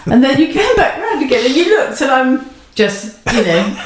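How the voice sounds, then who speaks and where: A woman's voice: high voice, big pitch swings, moderate pace, background noise. Chatty woman, roomy sound. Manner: chatty storyteller, acts out quotes, laughs often. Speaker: podcast co-host. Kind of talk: casual chat.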